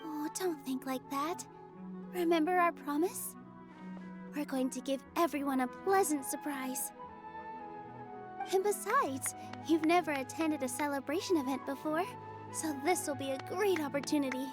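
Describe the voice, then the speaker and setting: A gentle, encouraging young dancer, as a woman voices her with a very high, soft voice. She soothes and reassures. Loud music runs under this game audio. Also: normal speed, close to an everyday voice. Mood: reassuring.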